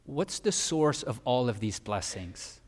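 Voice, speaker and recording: A male pastor preaching a sermon emphatically, swinging from loud peaks down to quiet. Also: mid-range voice, lively intonation, measured pace. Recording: long hall reverb.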